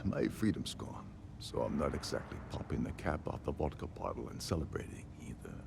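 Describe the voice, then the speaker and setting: A man's voice: rumbling low, animated, vocal fry, background noise, full character voice. An actor playing a sardonic older man, a jailed former ship captain, in game dialogue. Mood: wry resigned. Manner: wry, sardonic, measured. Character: older male jailed ex-captain, dry and resigned.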